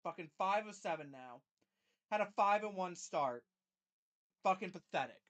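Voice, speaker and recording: A woman's voice: lowish voice, lively intonation, moderate pace. A woman streaming a live fan reaction, calling plays and then ranting angrily with heavy swearing. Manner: play-by-play calling of the game.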